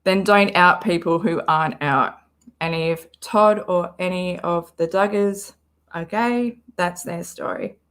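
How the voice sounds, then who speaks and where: A woman's voice: on the low side, unhurried, fairly bright tone, clean tone. A woman with an Australian accent, chatting bluntly and casually as she reacts to a podcast for her stream, swearing freely. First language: English.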